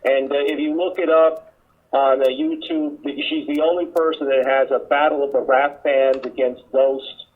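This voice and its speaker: A man's voice: mid-range voice, expressive, moderate pace. A man on an internet talk show who rambles, packing his talk with "you know" and "listen". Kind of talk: casual talk radio chat. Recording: tinny phone line.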